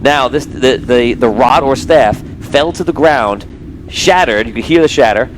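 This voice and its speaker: A man's voice: medium pitch, measured pace, slight background noise, rough recording. A man narrating a tabletop game as game master on a live stream, rambling with many restarts.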